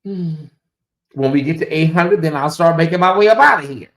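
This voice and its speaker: Animated man livestreaming in an echoey room. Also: fairly high pitch, brisk. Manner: animated, teasing, talks straight to chat. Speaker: livestream host. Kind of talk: casual livestream chat.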